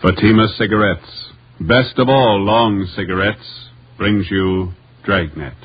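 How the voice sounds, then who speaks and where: A man announcing a radio program in a formal, measured style. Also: on the low side. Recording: old lo-fi radio broadcast with loud music.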